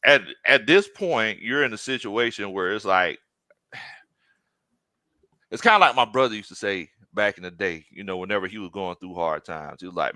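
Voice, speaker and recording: A man with a mid-pitched voice and a very bright, sharp edge that rises and falls a lot while he spins stories about football. His delivery sounds loose and playful. The mic is close and dry. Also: animated, normal speed, no room sound. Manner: storytelling, drops low for punchlines, loud laughs. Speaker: sports podcast co-host. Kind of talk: casual sports chat.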